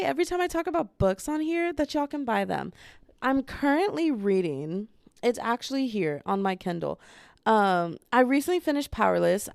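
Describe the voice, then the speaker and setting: Young woman, bubbly and rambling, smooth clear voice, dry close sound, casual vlog chat. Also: fairly high pitch, no room sound. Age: 20s. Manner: bubbly, rambling, self-mocking, bursts into loud singing. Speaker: podcast host. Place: home room with bookshelf. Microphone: handheld small camera.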